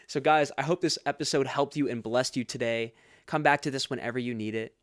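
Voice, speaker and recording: A man's voice: mid-range voice, steady tone, brisk, no echo, studio quality. A man hosting a faith podcast, talking earnestly and casually and laughing often. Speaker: podcast host.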